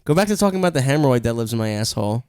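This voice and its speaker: A man's voice: mid-range voice, lively intonation, rapid-fire, darkish tone, clear, resonant tone, no echo, clean studio sound. A young man co-hosting a podcast, a stand-up comedian in loose, crude banter who laughs and swears often.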